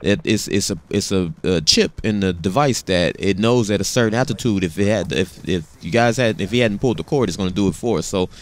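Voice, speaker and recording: Brisk and low-voiced, this thirtysomething man barely pauses while casually recounting something that happened to him. His delivery is animated and full of slang, with frequent repeated words.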